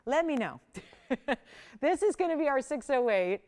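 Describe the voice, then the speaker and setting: A woman hosting a live jewelry shopping show, chatting and selling with upbeat patter and bursts of excitement. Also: high-pitched, normal speed. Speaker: shopping channel jewelry host. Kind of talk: live home shopping presentation.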